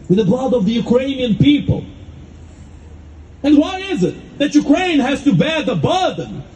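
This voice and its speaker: A man gives an impassioned public address, his voice sitting very high and swinging widely in pitch. He builds his points with rhetorical repetition and dramatic pauses. Faint noise hangs behind the recording. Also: dark tone, poor audio. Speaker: speaker at a rally.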